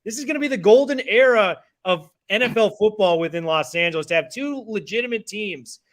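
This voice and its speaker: A man's voice: sits high, brisk, slight background noise. A man co-hosting a sports podcast, talking with hyped, promotional enthusiasm. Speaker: podcast co-host. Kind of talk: casual sports talk.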